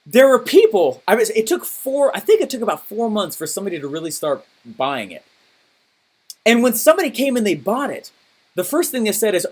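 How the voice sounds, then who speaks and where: An animated male business coach on a coaching call, talking through his own story. He acts out his past reactions with a lot of energy. He keeps checking in with the listener along the way. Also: high voice, a little fast. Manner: checks in often with "okay?" and "right?".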